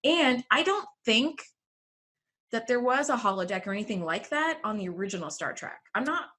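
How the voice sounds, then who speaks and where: A young adult woman co-hosting a podcast in animated casual chat, laughing often and saying "like" a lot. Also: fairly high pitch, normal speed. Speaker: podcast co-host.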